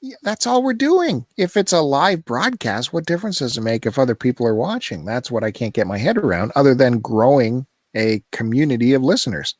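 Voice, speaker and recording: A man's voice: mid-range voice, fairly quick, few pauses, dry recording, clean studio sound. A man hosting a podcast, chatting casually and teasing his co-host. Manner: teasing, animated, laughs often. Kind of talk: casual chat.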